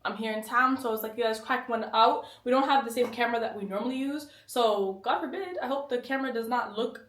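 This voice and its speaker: A woman's voice: fairly high pitch, fast, fairly bright tone. A woman with an American accent, co-hosting a casual podcast chat, speaking candidly, laughing and swearing freely. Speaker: podcast co-host. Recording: roomy echo, mic at a distance.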